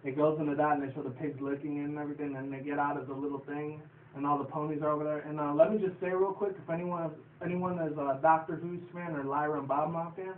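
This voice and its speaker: A man rambles through a casual recap of a cartoon episode, cursing freely and laughing often. His voice sits slightly high. The sound is thin and phone-like, distant from the mic, in an echoey room with a faint hiss. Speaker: show reviewer.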